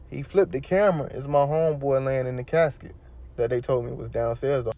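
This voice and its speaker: A man's voice: mid-range voice, moderate pace, lo-fi sound. A man telling a personal story in casual street slang, rambling and repeating himself. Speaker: storyteller recounting his shooting.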